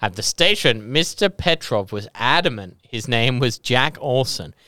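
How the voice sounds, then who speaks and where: A man's voice: mid-range voice, lively intonation, a little slow, sharp tone, no room sound, clean studio sound. A man with an Australian accent, a podcast co-host reading out a true-crime story and laughing and joking between lines.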